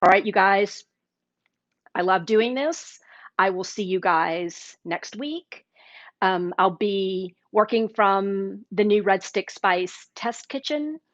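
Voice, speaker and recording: A woman's voice: medium pitch, slow, a bit bright, no room sound. A woman hosting a casual live cooking demo, chatty and enthusiastic, sometimes talking with her mouth full while tasting. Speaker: cooking show host. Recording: dull lo-fi livestream audio.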